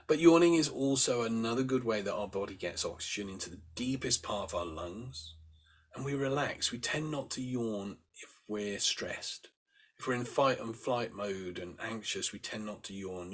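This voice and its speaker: Gentle man guiding a breathing practice. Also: medium pitch, breathy edge. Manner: gentle, unhurried, with demonstrated sighs and yawns. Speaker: meditation teacher. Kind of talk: guided breathing instruction.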